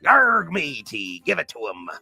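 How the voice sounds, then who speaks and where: Man doing a raspy, high, sharp-edged pirate chef, hammy bit. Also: huge pitch swings, unhurried, soft background music, full character voice. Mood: hammy, boisterous. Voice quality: gravelly and raspy. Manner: growling pirate slang, rolling yargs. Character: boisterous male pirate pizza chef. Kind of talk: comic live-stream bit.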